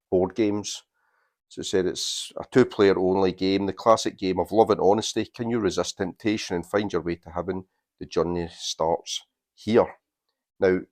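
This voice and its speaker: A man with a very low voice talks warmly and eagerly about records from his collection. He speaks in a casual vlog style and holds up sleeves and box sets as he goes. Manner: chatty, enthusiastic, shows records while talking. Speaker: vinyl collector vlogger.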